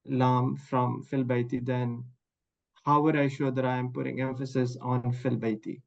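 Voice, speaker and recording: A man's voice: medium pitch, flat delivery, unhurried, creaky, muffled recording. A man student asking puzzled questions in a class discussion.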